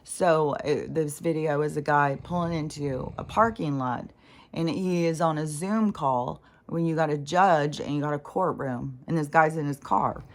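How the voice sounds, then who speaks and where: Lady vlogger going off on a profane rant, kinda low voice, rambly and fired up. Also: unhurried. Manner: heavy swearing, indignant, rambling. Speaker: spiritual vlogger. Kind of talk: casual ranting monologue.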